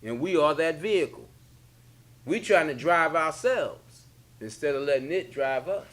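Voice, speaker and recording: A man's voice: fairly high pitch, lively intonation, measured pace, a bit bright. A man, a religious leader giving a casual spiritual teaching, repeating his points in colloquial speech. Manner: preachy, repetitive, colloquial. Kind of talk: spiritual teaching in a sit-down talk.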